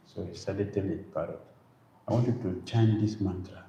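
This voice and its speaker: A man's voice: lowish voice, a little fast, mellow, dull audio. A man giving a devotional lecture as a monk, emphatic, repeating phrases and firing rhetorical questions. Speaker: monk preacher. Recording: roomy, faint background noise.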